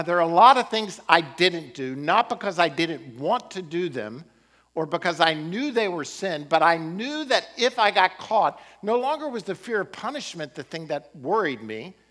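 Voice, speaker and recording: A man preaching a sermon as pastor, building emphasis with rising and falling delivery. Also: fairly high pitch. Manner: animated, rising and falling emphasis with occasional laughs.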